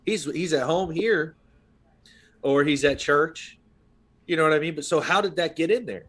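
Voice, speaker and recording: A man's voice: fairly high pitch, normal speed, fairly bright tone. A man in his thirties talking casually on a podcast, rambling through a story with many fillers and asides. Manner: rambling storyteller, full of "you know what I mean". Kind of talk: casual conversation.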